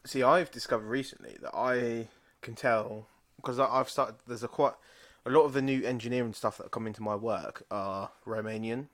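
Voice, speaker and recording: This English podcast co-host in his thirties chats casually, laughing his way through rambling, sweary stories. His medium-pitched voice is fairly bright and steady in tone, at a moderate pace with few pauses.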